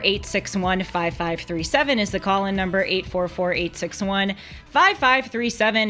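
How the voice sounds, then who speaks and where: Chatty young woman hosting a live show. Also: mid-range voice. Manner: chatty, animated, laughs easily. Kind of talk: casual live-stream talk.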